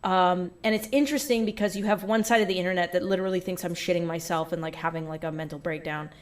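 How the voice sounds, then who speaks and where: A woman with a fairly low, fast voice and fairly even intonation delivers a long, casual monologue packed with fillers. She's an online personality heard in a played clip, speaking in a chatty way.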